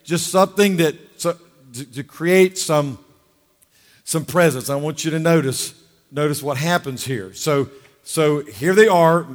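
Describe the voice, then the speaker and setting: Male pastor, sermon, fired-up exhorting delivery, slightly high voice, long hall reverb. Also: unhurried. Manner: fired-up, exhorting, calls for amens.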